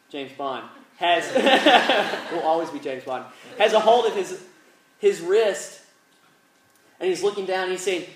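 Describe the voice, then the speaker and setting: Casting: male preacher, slightly higher voice, distant mic in a roomy hall. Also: a bit bright. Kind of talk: sermon with storytelling and prayer. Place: large room, evening gathering. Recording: echoey, distant mic, faint ambience.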